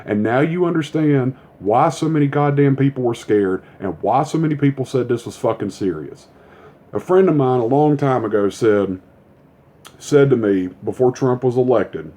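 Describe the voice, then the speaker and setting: A man's voice: medium pitch, animated, moderate pace, warm tone. A man delivering a heated, profane political rant straight to his viewers. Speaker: commentator.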